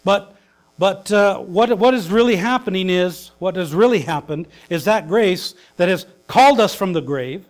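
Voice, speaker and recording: A male pastor preaching a sermon, swinging between emphatic loud lines and hushed soft ones. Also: high-pitched, normal speed.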